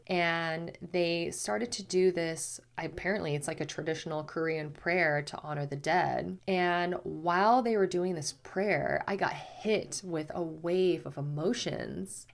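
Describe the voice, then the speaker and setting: Low-voiced woman telling a personal story. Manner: chatty, lots of "like", animated self-quotes. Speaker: spiritual teacher. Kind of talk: casual personal storytelling to camera.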